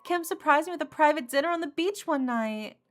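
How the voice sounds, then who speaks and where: Woman doing a high, airy, smug young ex-girlfriend: light, cheerful, bragging. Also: expressive, a little fast, slight background noise. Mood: breezy, boastful. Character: breezy, self-satisfied young woman ex-girlfriend. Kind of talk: reading game dialogue aloud.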